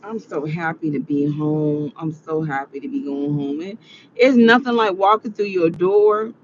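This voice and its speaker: A woman's voice: sits low, measured pace, highs cut off, slight background noise. A tired woman vlogging to her viewers in a rambling, chatty monologue. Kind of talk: casual monologue.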